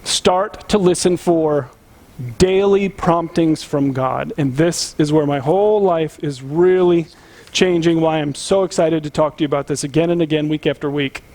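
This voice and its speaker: A man's voice: fairly high pitch, normal speed, a little mellow. A man preaching a conversational sermon as pastor, earnest and emphatic, putting direct questions to the congregation.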